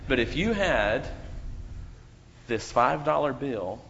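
A man telling a lively children's story in a church service, acting out the characters. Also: medium pitch, slow, gravelly, a little hiss or hum. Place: church sanctuary. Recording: muffled church recording with hall reverb.

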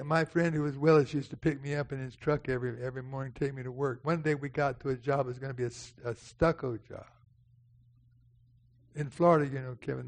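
A man's voice: medium pitch, vocal fry, a little mellow. An older man, preaching a sermon and telling a folksy personal story, calling out to people in the congregation by name. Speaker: pastor.

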